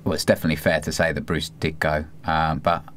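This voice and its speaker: A young man co-hosting a casual football podcast, chatting in a relaxed way and sometimes trying out accents. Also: a bass voice, quick pace. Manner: relaxed, drops in mock accents. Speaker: podcast co-host.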